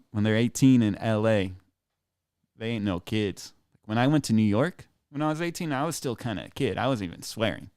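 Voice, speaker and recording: Smooth, low-voiced man telling crude stories. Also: darkish tone, dry recording, clean studio sound. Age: 30s. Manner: candid, rambling, crude, self-amused. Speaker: live streamer. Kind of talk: casual comic storytelling.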